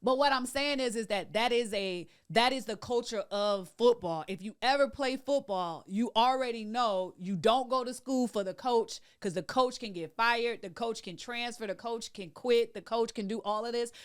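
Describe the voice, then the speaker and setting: A woman's voice: on the high side, moderate pace, hardly any pauses, clean tone. A woman co-hosting a podcast, arguing her point in casual chat and often cutting in. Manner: interrupting, argumentative, laughs often. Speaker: podcast co-host.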